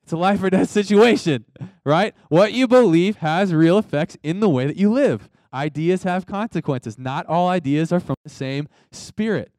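A man's voice: sits high, normal speed, darkish tone, dry recording. Emphatic, conversational male preacher. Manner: conversational, emphatic, calls for audience response. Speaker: pastor. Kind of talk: sermon.

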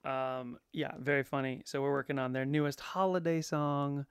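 A man co-hosting a casual podcast, easygoing and quick to joke. His voice sits at an everyday middle pitch. The sound is close and dry, with no room around it. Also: clear, resonant tone, no echo. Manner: relaxed, jokey storyteller, laughs while retelling. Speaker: podcast co-host. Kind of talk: casual chat.

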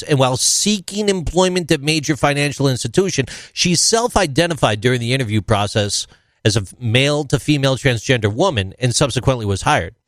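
A man's voice: medium pitch, a bit bright, no echo. A man hosting a casual talk show, joking and then reading a guest's introduction. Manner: jokey, reads introductions aloud. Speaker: host. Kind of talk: casual chat.

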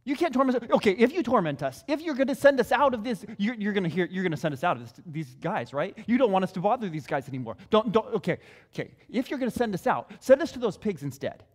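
A man voicing a group of frightened male demons who plead and bargain in a rapid, whiny way, with a long hall reverb. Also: sits high, big pitch swings.

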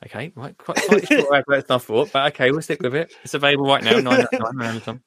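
British man, live stream host, bright voice, dry close sound, jokey, laughs a lot. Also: mid-range voice, sing-song, rapid-fire, no room sound. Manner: jokey, laughs often, reads comments aloud. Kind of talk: casual chat.

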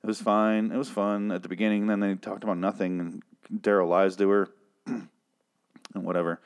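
A man's voice: lowish voice, level tone, normal speed, clear, resonant tone. A man ranting sarcastically and with lots of swearing while reviewing a TV episode in casual talk. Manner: profane, exasperated, sarcastic.

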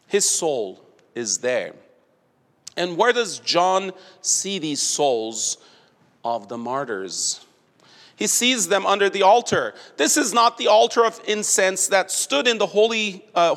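A man preaching an expository sermon, deliberate and building to emphatic stresses. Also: sits high, fairly bright tone. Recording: long hall reverb.

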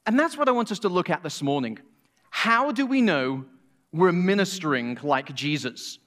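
A man's voice: high-pitched, animated, moderate pace, a bit bright. A middle-aged man from England with a Manchester accent, preaching a sermon in a conversational, joking way. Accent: Manchester English. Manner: conversational and joking, with a few restarts.

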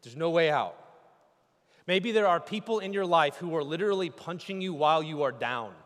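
A man's voice: fairly high pitch, expressive, moderate pace. Impassioned male pastor in a reverberant hall. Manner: impassioned preaching, swinging from loud cries to hushed speech. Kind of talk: sermon.

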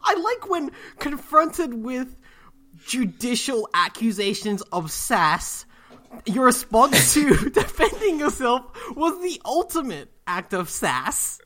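A woman in a casual chat, teasing and quick-witted, laughing often. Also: a little high, sing-song, a bit bright. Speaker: podcast co-host.

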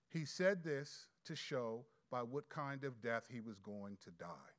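A male pastor preaching a sermon, reading scripture aloud and posing rhetorical questions, moving between loud emphatic passages and quiet asides. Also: mid-range voice, unhurried, hardly any pauses.

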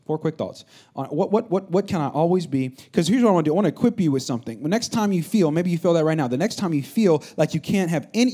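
A man in his thirties, a pastor, preaching a sermon with animated storytelling that swings between loud and hushed. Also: fairly high pitch.

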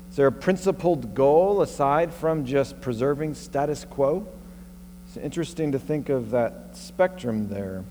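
A man's voice: mid-range voice, darkish tone. A male pastor preaching a sermon in a conversational way, thinking aloud and asking rhetorical questions. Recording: long reverb and faint mains hum.

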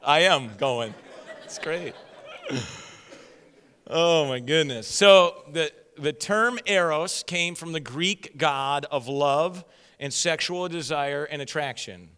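Bright, playful preaching man. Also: on the high side, slow, smooth, big-room sound. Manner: playful, joking with the congregation, laughing at himself. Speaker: pastor. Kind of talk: sermon. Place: church sanctuary.

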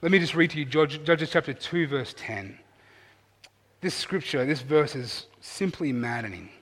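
A man's voice: on the high side, moderate pace. Earnest man preaching in a reverberant hall. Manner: earnest and animated, swinging between loud emphasis and quiet asides. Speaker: pastor. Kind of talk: sermon.

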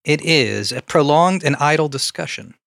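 A man's voice: fairly high pitch, animated, moderate pace, gravelly, fairly bright tone, dry recording, studio quality. A man co-hosting a podcast, reading out definitions and facts in a matter-of-fact way. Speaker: podcast co-host. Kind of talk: casual chat.

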